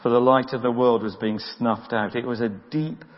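A man's voice: mid-range voice, fairly even intonation, normal speed. A man preaching a sermon in an earnest, plain-spoken way, often repeating words as he presses a point. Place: church. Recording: dull lo-fi audio with long church reverb.

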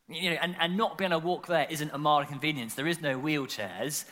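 A man delivers a sermon in a lively storytelling manner, often stumbling over and repeating words. His voice sits a little high and sounds sharp and bright. A long reverb from a large church hall trails after him. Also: fairly quick. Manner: animated storytelling with frequent filler and repeated words. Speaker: preacher.

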